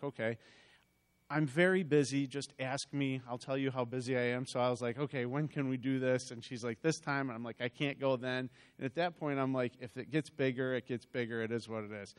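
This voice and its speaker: A man stands before his church and tells his story in an everyday, chatty way, doubling back and restarting his sentences. His voice is smooth and clear, pitched in an ordinary middle range. He sounds like a middle-aged congregation member rather than a trained speaker. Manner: conversational, rambling with restarts and asides. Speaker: church member giving a testimony. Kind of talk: personal testimony told as a story.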